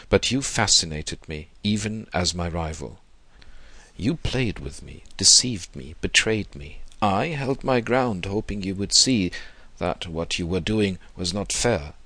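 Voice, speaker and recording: A man voicing a proud, bitter young gentleman who speaks in a stiff, wounded, formal way. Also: lowish voice, big pitch swings, unhurried, no room sound, full character voice.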